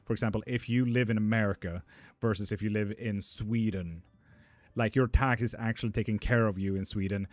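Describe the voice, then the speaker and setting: A man's voice: lowish voice, fairly even intonation, fairly quick, no room sound. A young man hosting a casual live stream from home, reading chat aloud and bantering with loose, foul-mouthed humor. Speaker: streamer giving tarot readings.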